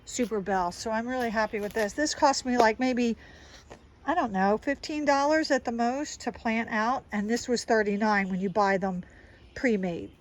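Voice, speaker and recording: A woman's voice: on the high side, moderate pace, rough recording. A woman with a South Jersey accent giving a casual walking tour of her suburban garden, chatty and enthusiastic as she points things out.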